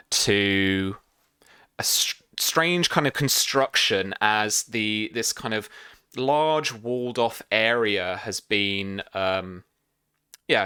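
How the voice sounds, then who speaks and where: Deep voiced guy running a tabletop game, slow and halting, dry close sound. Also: bright, forceful tone, smooth, no echo. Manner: hesitant, many fillers. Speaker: game master.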